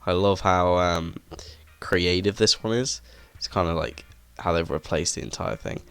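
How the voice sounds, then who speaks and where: A gaming video creator with a deep voice rambles enthusiastically over game footage, packing his casual walkthrough commentary with fillers. He speaks at an unhurried pace in a clear, resonant tone, and his desk-and-headset microphone picks up no room sound.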